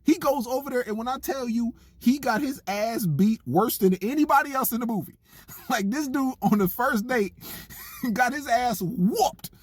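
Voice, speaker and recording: A man giving a comedic, incredulous movie review in a joking, animated way. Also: very high voice, measured pace, slightly rough, dry recording.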